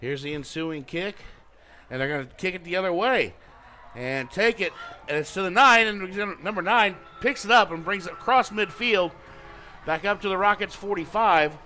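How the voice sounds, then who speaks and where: High, bright-voiced play-by-play man. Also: a little hiss or hum, poor audio. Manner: rapid play calling, rising to shouts on big plays. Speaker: play-by-play announcer. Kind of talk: live radio sports commentary.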